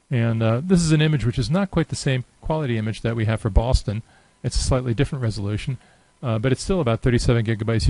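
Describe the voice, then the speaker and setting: Man casually narrating a software demo. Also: mid-range voice, dry recording, poor audio. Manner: casual and unhurried, many filler pauses. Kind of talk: unscripted screen-share walkthrough.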